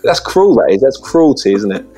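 A man's voice: medium pitch, sing-song, moderate pace, gravelly, warm tone, slightly rough, faint music behind. A man telling casual stories as a podcast guest, rambling through many false starts, recorded on a phone.

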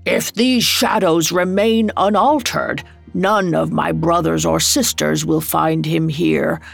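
A woman reading a storybook, voicing a towering stern male Christmas spirit who speaks gravely and with reproach. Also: low-pitched, fairly even intonation, slow, dry recording, soft background music, heavily acted. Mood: scolding.

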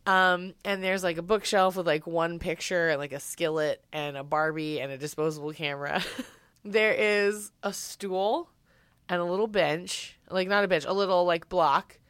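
A woman telling a story in casual chat, animated, swearing and quoting people as she goes. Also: on the low side, normal speed, clean tone, dry recording.

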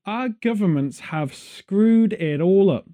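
This podcast host, a British man, keeps things casual and jokey, rambling off on tangents. His voice sits high and sounds mellow, slow in pace yet lively in intonation.

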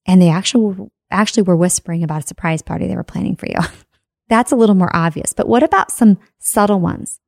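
A woman's voice: fairly low pitch, fast, creaky, a little mellow, no echo, clean studio sound. A woman giving a motivational talk on personal growth, emphatic, with rhetorical questions and checks like "right?".

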